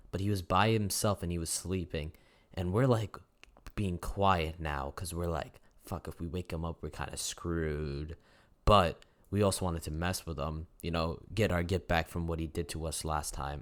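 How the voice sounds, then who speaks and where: A teenage guy telling a story in casual, slangy, profane talk, rambling with restarts and yelling out the quotes. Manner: acts out quotes in a loud high yell. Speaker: storytime YouTuber. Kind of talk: casual storytelling over gameplay.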